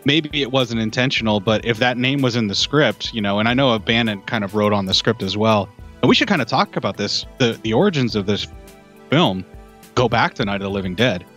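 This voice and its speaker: A man's voice: on the low side, expressive, fairly quick, a bit bright, soft background music. A man in a casual film review podcast chat, giving long, detailed, rambling explanations. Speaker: podcast co-host.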